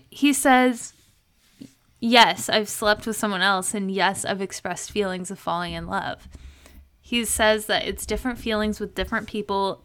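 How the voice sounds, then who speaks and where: A woman's voice: mid-range voice, clear, resonant tone. A young woman co-hosting a podcast, animatedly retelling a show scene by scene, slipping into quoted lines between laughs. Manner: animated storytelling, quoting people with laughs. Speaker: podcast co-host. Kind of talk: casual recap chat.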